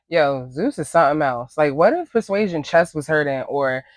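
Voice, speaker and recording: A man giving opinionated reality TV recap commentary in a sassy, animated way. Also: a little slow, no echo. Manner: sassy, animated, acts out quotes in higher voices.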